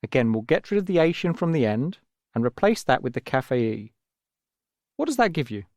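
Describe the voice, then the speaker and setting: A man with an English accent patiently guiding children through a recorded language lesson, explaining step by step in a gentle way. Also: medium pitch, big pitch swings, brisk, no room sound, studio quality. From England. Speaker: language teacher. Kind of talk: scripted audio lesson for children.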